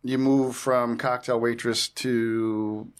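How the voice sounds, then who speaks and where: A man's voice: medium pitch, little pitch movement, slow, clear, resonant tone. Joking man hosting an interview. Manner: short reactions, joking asides. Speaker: host. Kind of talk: casual interview.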